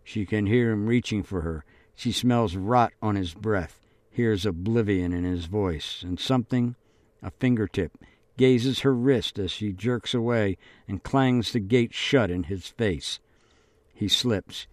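A man narrating an audiobook in a measured, deliberate reading. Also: lowish voice, darkish tone, no echo.

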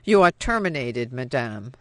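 A man's voice: medium pitch, sing-song, moderate pace, a bit bright, no room sound. A narrator voicing a cold, menacing male secret police officer who interrogates in clipped, raised tones.

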